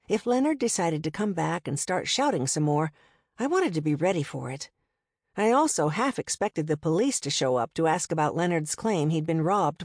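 A woman reads a first-person audiobook in a measured, even way. Her voice sits somewhat low for a woman. The recording is dry and close, with no room sound. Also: dry recording. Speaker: audiobook narrator.

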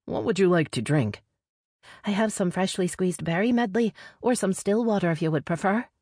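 A woman voicing a proud male vampire prince who swears and threatens in a lowered voice. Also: expressive, moderate pace, a little mellow, no echo, studio quality, lightly acted. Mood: dry.

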